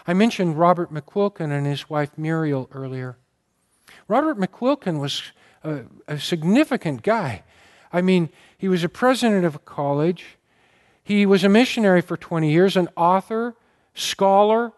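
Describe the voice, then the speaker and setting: A man's voice: high-pitched, animated, moderate pace. A man preaching a sermon, telling a story earnestly and with feeling. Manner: earnest, emotional storytelling, gets choked up. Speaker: pastor.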